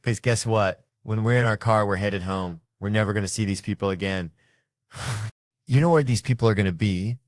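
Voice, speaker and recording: A man performing stand-up comedy, telling stories in an animated, profane way. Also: fairly low pitch, normal speed, no echo, studio quality.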